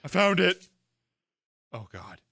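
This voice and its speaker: A man's voice: high voice, very animated, slow, gravelly, heavy background noise. A man doing horror game commentary, jumpy, screaming and laughing nervously. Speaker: gameplay video host.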